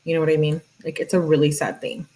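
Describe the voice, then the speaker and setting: Woman kinda low voice, rambly true crime chat, says like a lot, real earnest. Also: fairly even intonation, quick pace, mellow, rough recording. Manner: chatty, heavy use of "like"; earnest, emphatic. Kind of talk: casual commentary while reading texts.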